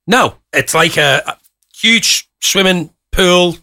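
A man's voice: sits high, expressive, slow, creaky, bright, forceful tone. A man hosting a radio show, bantering casually and teasing his co-host.

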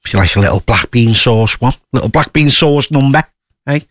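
A man's voice: mid-range voice, brisk, a bit bright, dry recording, studio quality. A man presenting a local radio show, rambling and chatty with many fillers and asides. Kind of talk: casual radio chat.

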